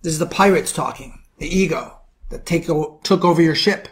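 This middle-aged Bronx man with a New York accent hosts a podcast as a men's coach, delivering a forceful motivational monologue at a moderate pace. He preaches hard, fires off rhetorical questions, and drops into low, intense tones.

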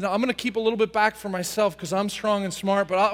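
A male pastor preaching a sermon in a dramatic style, acting out prayers and swinging from soft to booming. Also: fairly even intonation, fast, few pauses, big-room sound. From United States.

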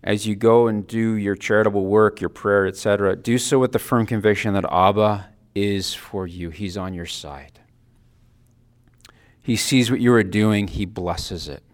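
A man giving a personal devotional talk, earnest and reflective, his phrases often trailing off softly. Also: fairly low pitch, normal speed. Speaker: Christian speaker giving a Lenten reflection.

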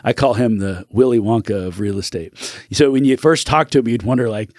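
In a casual interview, a male real estate broker guesting on a podcast talks earnestly, wandering and restarting his thoughts and voicing the people he quotes. His mid-range voice is a little mellow and brisk, and the recording is dry.

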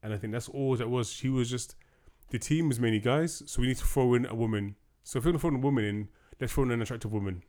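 A man holding forth in a relaxed podcast conversation about films. He is opinionated and sarcastic, slipping into mocking little impressions. His voice sits at an ordinary middle pitch. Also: fast talker, hardly any pauses. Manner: opinionated, sarcastic, mocks with put-on quotes. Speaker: podcast co-host. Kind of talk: casual film chat.

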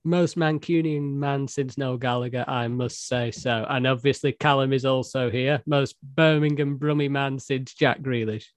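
A man's voice: mid-range voice, steady tone, normal speed, few pauses, dry recording. A man hosting a football podcast in a casual, joking, self-deprecating way. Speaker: podcast host and editor-in-chief.

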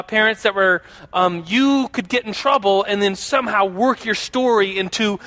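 Bright high-voiced man telling a story. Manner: chatty, many fillers, asks the audience questions; animated, acts out quoted voices. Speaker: speaker addressing a group. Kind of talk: casual storytelling to an audience.

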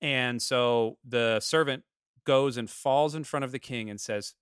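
A man from Florida co-hosting a church podcast, telling stories in a lively casual way and acting out quoted lines. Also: mid-range voice, measured pace, clean tone, dry recording, clean studio sound. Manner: animated storyteller, acts out quotes. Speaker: podcast co-host. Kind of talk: casual chat.

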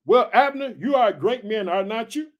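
Man reading a bold young warrior, taunting, firm, very high voice. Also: animated, unhurried, a little mellow, muffled recording.

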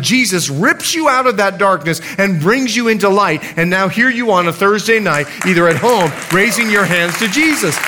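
A man's voice: sits high, pushed and bright, slight background noise. A man preaching a sermon to his congregation, reading scripture and acting out the speakers in his stories. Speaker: pastor.

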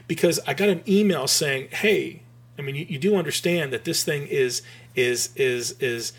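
A man's voice: on the high side, moderate pace, slightly rough. Rambling, restless middle-aged man. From Michigan. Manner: rambling, animated, frequent restarts and swearing. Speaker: podcast guest, graphic designer. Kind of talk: casual storytelling.

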